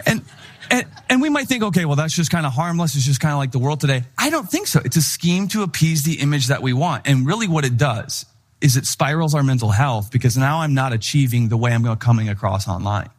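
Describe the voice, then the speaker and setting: A middle-aged man preaching a sermon in an animated, conversational way, acting out the people he quotes. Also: mid-range voice, brisk. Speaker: pastor.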